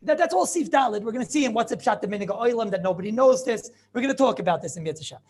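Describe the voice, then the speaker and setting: A man, a rabbi, teaching a lively Talmud lesson to his students, animated and full of rhetorical questions and asides. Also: very high voice, quick pace.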